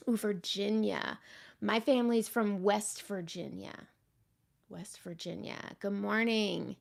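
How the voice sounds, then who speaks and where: Woman makeup host, casual live chat, gravelly tone, mutters asides to herself. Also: mid-range voice, slow pace, pauses often. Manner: chatty, greets viewers, drifts into soft muttered asides. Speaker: makeup artist hosting a livestream.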